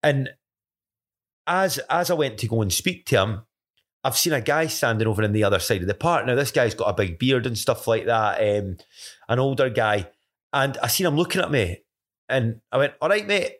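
Scottish man, podcast co-host, loose rambling testimony, mid pitch, stumbles and restarts often. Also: expressive, moderate pace. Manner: rambling, many restarts and self-corrections. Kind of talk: casual faith testimony chat.

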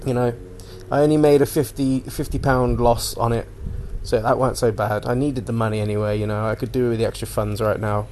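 A young man talks through a casual solo podcast at an ordinary middle pitch. He rambles from one topic to the next and swears casually. A faint noise floor sits under the recording. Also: steady tone, fairly quick, hardly any pauses, darkish tone. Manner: rambling, swears freely, jumps between topics. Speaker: podcast host.

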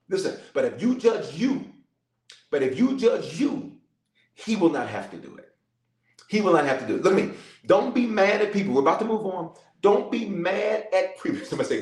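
Lively-pitched preaching man, echoey. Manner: preaching, repeats lines, calls to the crowd. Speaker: bishop. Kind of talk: sermon with prayer.

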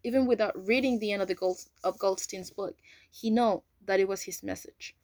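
A woman's voice: medium pitch, moderate pace, a little mellow, dry recording. A woman reading an English novel aloud, carefully, with occasional slips and self-corrections. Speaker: reader. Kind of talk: amateur audiobook reading.

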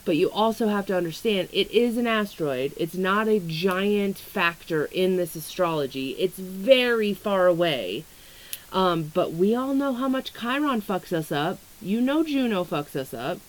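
A woman's voice: medium pitch, expressive, a little slow, poor audio. A young woman talking casually in a vlog, rambling and candid, swearing freely and filling her talk with "like" and "um". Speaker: astrology content creator. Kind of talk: casual vlog about weight struggles and astrology.

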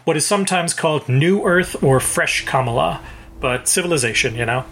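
A man's voice: on the high side, expressive, normal speed, a bit bright. A man co-hosting a casual book podcast, explaining background details with plenty of fillers. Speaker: podcast co-host. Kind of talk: casual book-club chat.

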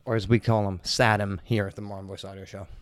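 A man hosting a podcast, telling a casual story with constant swearing and animated retellings. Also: on the low side, fast talker, smooth, no echo. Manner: profane, animated, heavy swearing. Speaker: podcast host.

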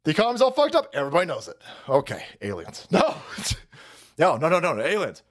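A man's voice: on the high side, huge pitch swings, fast talker. A man hosting a livestream, ranting and mocking in a foul-mouthed way. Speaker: livestream host. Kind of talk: profane political rant on a livestream.

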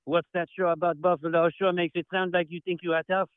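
A man's voice: high-pitched, flat delivery, fast, clean tone, dry recording, pitched above the performer's own voice, lightly acted. A man voicing an exaggerated, snooty caricature of a Frenchman and a German over a tinny phone line. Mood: mocking. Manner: exaggerated comic foreign-accent caricature.

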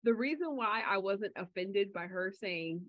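A woman co-hosting a podcast in casual chat, telling stories in a chatty way and getting animated when she quotes people. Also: mid-range voice, a little slow, dry recording. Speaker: podcast co-host. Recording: slightly dull lo-fi audio.

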